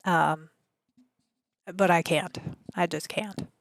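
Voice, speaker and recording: A woman's voice: fairly low pitch, steady tone, slow, creaky, dry recording. A woman in her thirties with a Midwestern American accent, chatting casually with her live stream audience. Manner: chatty, rambling, reads chat aloud. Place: home gaming desk.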